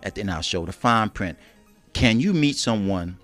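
A man's voice: fairly low pitch, animated, moderate pace, fairly bright tone, soft background music. A man co-hosting a casual talk show, talking in slang and laughing often. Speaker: co-host. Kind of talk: casual chat show banter.

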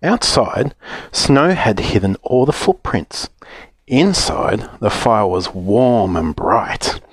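Man, children's story reading, gentle, expressive, slow, dry sound. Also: fairly low pitch, slightly rough, no room sound.

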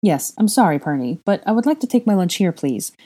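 A woman's voice: mid-range voice, big pitch swings, fairly quick, dark tone, slightly rough, pitched above the performer's own voice. A woman voicing a proud young wizard who speaks in a clipped, firm way.

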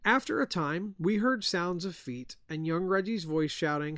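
A man, a podcast host, reading a ghost story aloud in a hushed storytelling voice. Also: sits high, normal speed, dry recording, studio quality.

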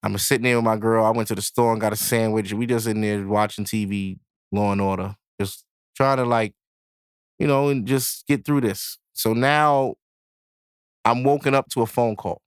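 A young man hosting a podcast, telling a story in a casual, animated way, swearing and laughing as he goes. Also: lowish voice, normal speed, clean tone, no echo, studio quality. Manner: animated, profane, laughing while he tells it. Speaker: podcast host.

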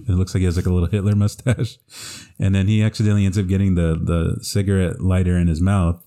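A man with a low, mellow voice chats casually on a podcast. He retells movie scenes at length, full of fillers and restarts, and he chuckles often as he goes. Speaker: podcast co-host. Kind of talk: casual chat.

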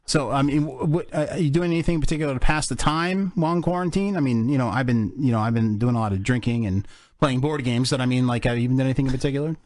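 A man's voice: mid-range voice, fast talker, darkish tone, no echo, clean studio sound. A man hosting a podcast, interviewing a guest in loose, rambling chat full of fillers. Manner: rambling, laughing, many fillers. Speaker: podcast host.

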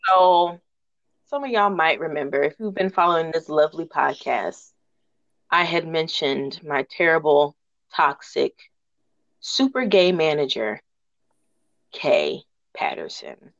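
A woman hosting a podcast, telling rant stories in a lively, slangy, laughing way. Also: deep voice, a little slow, pauses often, dry recording. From northern United States. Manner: animated, slangy, laughing storyteller. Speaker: podcast host. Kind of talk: casual storytelling rant. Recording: dull lo-fi recording.

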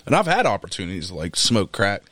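Man, animated storytelling, raised voice, dry close sound. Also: fairly low pitch, fast talker, dry recording. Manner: animated storyteller, swears freely, laughs often. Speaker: podcast co-host. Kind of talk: casual chat.

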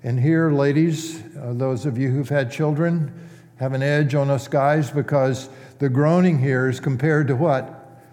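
Male pastor, sermon, slow, mellow tone, conversational, long church reverb. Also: medium pitch, steady tone. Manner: conversational, asks the congregation questions.

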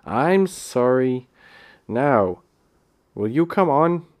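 A proud, bossy boy who sounds offhand and quick to lose patience, as a man reads his part. The voice stays close to the reader's own, gravelly and unhurried. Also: mid-range voice, very animated, mellow. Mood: impatient. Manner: offhand and impatient.

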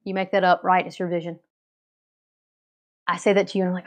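An energetic woman hosts a motivational podcast episode. She talks straight to her listeners and coaches them with one direct question after another. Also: on the low side, a little fast, pauses often. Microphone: podcast mic, also filmed.

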